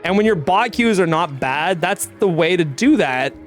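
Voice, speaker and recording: A man with a notably high speaking voice talks loosely to his stream audience, relaxed and quick to swear or laugh. Soft music plays faintly underneath. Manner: laid-back, swears and laughs often. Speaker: game streamer. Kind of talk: casual stream commentary.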